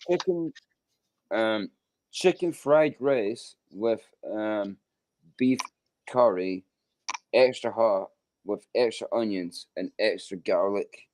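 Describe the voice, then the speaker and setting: A man's voice: lowish voice, darkish tone. A man from Scotland chatting casually on a video call, rambling and hesitant with many ums and the odd swear word. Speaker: host. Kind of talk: casual chat.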